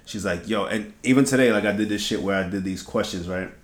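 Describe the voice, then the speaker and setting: A man hosting a podcast, telling stories in lively casual chat with slang, swearing and laughter. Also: lowish voice, quick pace. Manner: animated storytelling, laughing, heavy slang and swearing. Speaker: podcast host. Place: podcast studio. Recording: echoey room.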